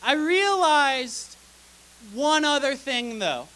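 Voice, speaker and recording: Performing stand-up for a live theater crowd, this young woman speaks slowly in a high, animated voice with a fairly bright tone. Her punchlines are dry and sarcastic, delivered into a stage mic, and the recording is rough.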